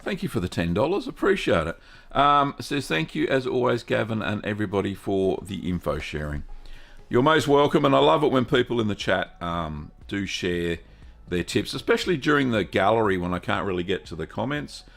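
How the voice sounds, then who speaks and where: A man with an Australian accent hosting a live stream, greeting viewers one by one in a relaxed, chatty way. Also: on the low side, a little fast, creaky. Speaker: host of a cheese-making livestream. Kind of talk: casual live-stream chat.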